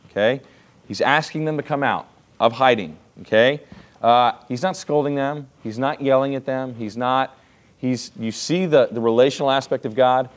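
A man in his thirties teaches a Bible class in an easy, conversational tone. He keeps asking his listeners questions and checking in with "okay?". His voice sits in an ordinary middle pitch. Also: normal speed.

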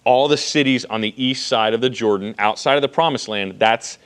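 A man's voice: mid-range voice, brisk, fairly bright tone, smooth. A man teaching a Bible passage to a group in a casual, conversational way. He checks in often with "okay" and "right.". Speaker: pastor teaching a Bible study.

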